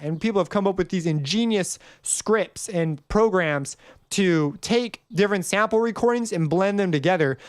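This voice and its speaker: Brief: young male tutor, slightly high, smooth voice, loose chatty teaching with sung demos. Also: dry recording, studio quality. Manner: casual, rambling explanation with sung note demonstrations. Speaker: music composition teacher. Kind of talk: screen-recorded tutorial.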